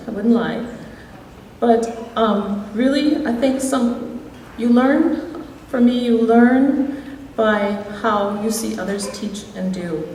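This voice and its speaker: A woman from Wisconsin with a Midwestern accent giving a reflective, gently humorous award speech as an alumni inductee. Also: a little high, slight background noise. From Wisconsin, USA. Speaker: alumni hall of fame inductee. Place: large school hall. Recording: echoey hall, voice from far off.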